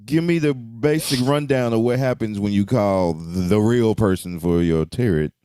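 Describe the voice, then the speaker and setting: Playful man co-host, low and warm, casual podcast chat. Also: normal speed, smooth, dry recording, clean studio sound. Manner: playful, teasing, lots of low "mm" replies.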